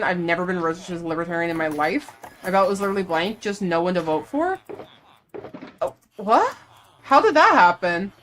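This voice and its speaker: A young woman streaming live, chatting casually and rambling while she plays, quick to laugh. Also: mid-range voice, a little hiss or hum. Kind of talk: casual chat while gaming.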